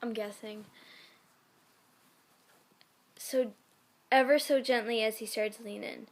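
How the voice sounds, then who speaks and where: A woman's voice: a little high, fairly even intonation, normal speed. A woman reading fan fiction aloud in a casual way, often breaking off to giggle and comment on the text. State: sick.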